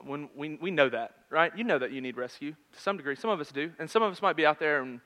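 A man in his thirties preaching a sermon in a conversational storytelling manner, swinging between loud and hushed. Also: on the high side, animated, quick pace. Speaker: pastor.

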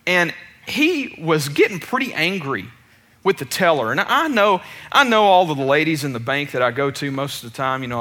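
A man's voice: a little high, pushed and bright. A man preaching a sermon, telling a story in a casual, chatty way with many restarts and self-deprecating asides.

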